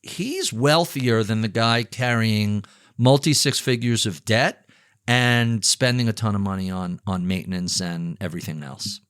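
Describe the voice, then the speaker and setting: A man's voice: on the low side, measured pace, clear, resonant tone, no echo. Guy, middle-aged, telling stories with jokey asides, dry close mic. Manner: animated storyteller, jokey asides, conversational. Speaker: author and investment firm chief. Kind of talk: conversational interview answers.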